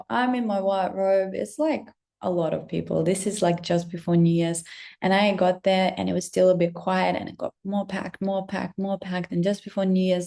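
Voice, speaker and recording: A woman telling a personal story to camera in a chatty, swearing way, dropping to whispers and jumping to high excited bursts. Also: gravelly. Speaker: spiritual vlogger.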